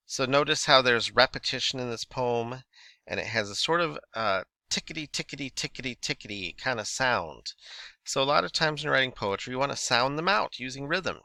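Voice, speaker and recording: Bright-voiced man teaching poetry. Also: mid-range voice, animated, gravelly, no room sound. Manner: explanatory, reads example poems aloud with a rhythm; checks understanding with quick questions. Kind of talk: recorded lesson on writing poetry.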